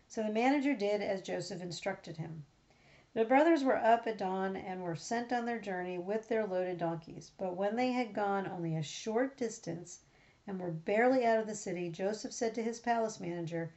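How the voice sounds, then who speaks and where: A woman reading the Bible aloud in a steady voice, correcting herself now and then. Her pitch sits in the middle. The recording is dull and lo-fi. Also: moderate pace. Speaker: scripture reader.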